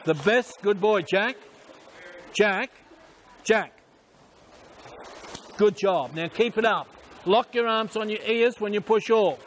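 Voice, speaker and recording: A man coaching swimmers at a pool, calling out short repeated instructions and quick praise. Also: high-pitched, slight background noise. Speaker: swim coach. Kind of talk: poolside coaching commands.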